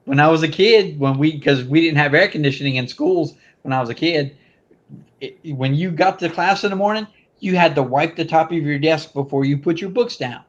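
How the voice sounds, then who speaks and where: A man in casual chat, telling stories slowly and deliberately. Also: a little high, dull audio.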